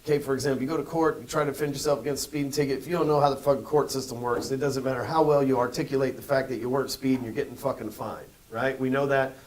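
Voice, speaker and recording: A man co-hosting a podcast in casual, profane chat, animated and acting out voices. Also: medium pitch, racing, hardly any pauses, low-quality recording. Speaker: podcast co-host.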